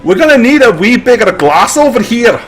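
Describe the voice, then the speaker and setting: A man's voice: very high-pitched, big pitch swings, brisk, fairly bright tone, breathy edge, pitched above the performer's own voice, heavily acted. Man doing a boisterous clansman. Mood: teasing boisterous. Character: boisterous hard-drinking male clansman.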